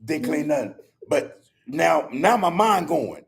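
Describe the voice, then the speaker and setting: An older man hosts a podcast in a gravelly, husky voice. He tells loose, profane stories about his family and breaks into laughter again and again. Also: on the high side, very animated, unhurried. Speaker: podcast host. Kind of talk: casual storytelling chat.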